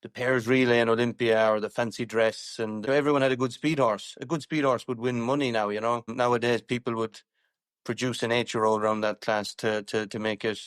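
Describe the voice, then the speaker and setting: A man's voice: medium pitch, fairly even intonation, a little fast, no echo, studio quality. A man with an Irish accent, a show jumper chatting casually on a podcast, rambling with many fillers and restarts.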